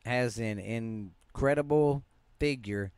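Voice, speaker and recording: Taking it slowly, a Southern US man reads ghost stories for his podcast in a darkish, clean, mid-range voice with no room sound. His manner is easygoing and yawning, and he often stumbles and begins words again.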